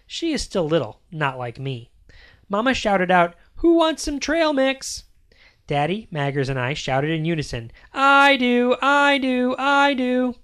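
Children's story reader, expressive, sing-song, lively pitch. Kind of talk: reading a children's story aloud.

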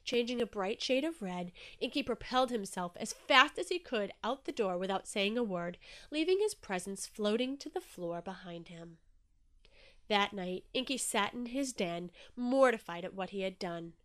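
A woman narrating a children's storybook with a gentle, expressive reading. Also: mid-range voice, moderate pace.

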